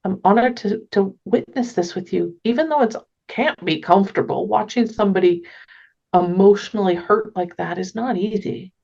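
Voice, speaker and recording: A woman talking earnestly as a podcast guest, gentle and often restarting her sentences. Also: medium pitch, moderate pace, gravelly, lo-fi sound. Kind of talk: casual conversation.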